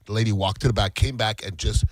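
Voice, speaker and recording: A man's voice: lowish voice, steady tone, fast, poor audio. A man co-hosting a casual radio aftershow, blunt and wry with emphatic declarations. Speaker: radio show co-host.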